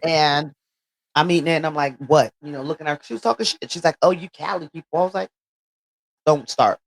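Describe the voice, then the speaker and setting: A woman's voice: low-pitched, fairly quick. A woman from California, a podcast co-host, telling a story in casual chat and acting out what people said. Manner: lively storyteller, acts out quotes. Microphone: home podcast mic on a stand.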